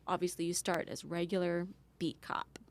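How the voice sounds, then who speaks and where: A woman's voice: lowish voice, level tone, moderate pace, slight background noise. A woman police officer, a podcast guest, telling her story in a candid, chatty way. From Canada. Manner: candid, chatty, laughs easily. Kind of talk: casual interview storytelling.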